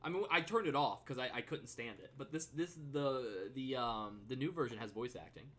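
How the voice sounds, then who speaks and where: A man's voice: mid-range voice, moderate pace. A man streaming a game, chatting loosely and swearing freely as he reads the story narration aloud. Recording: steady background noise.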